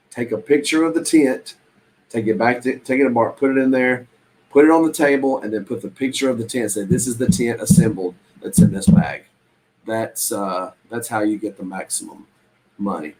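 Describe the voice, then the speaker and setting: On a low-quality recording, a man from the American South talks about reselling during a live stream. His mid-range voice has a darkish tone, and he meanders folksily, restarting often and saying "um" a lot.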